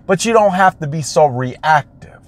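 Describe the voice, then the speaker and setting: A man's voice: fairly high pitch, lively intonation, normal speed. A man, a realtor, giving an emphatic motivational talk and repeating his phrases for effect. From United States.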